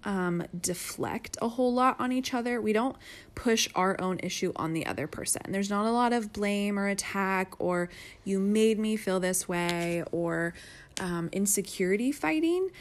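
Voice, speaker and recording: A woman in a casual couple's chat, chatty and candid, often laughing as she talks. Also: mid-range voice. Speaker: podcast co-host.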